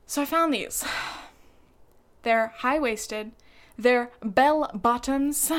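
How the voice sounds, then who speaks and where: A young woman talks straight to her audience in a loose, casual vlog style, dropping fillers and curse words as she goes. Her voice sits a little high and comes through smooth and clear. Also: extremely slow. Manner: chatty, lots of "like" fillers, swears freely. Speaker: vlogger. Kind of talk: casual chat.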